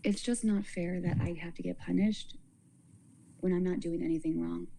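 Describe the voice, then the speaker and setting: Woman livestreamer, casual rambling talk with halting restarts; low voice with a gravelly edge. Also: steady tone, noisy background. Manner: rambling, halting, repeats words.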